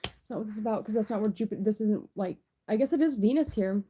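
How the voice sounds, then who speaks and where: A woman's voice: medium pitch, quick pace, dark tone, husky, poor audio. A young woman giving a casual tarot reading to camera, rambling with lots of "like" and restarts. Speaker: tarot reader.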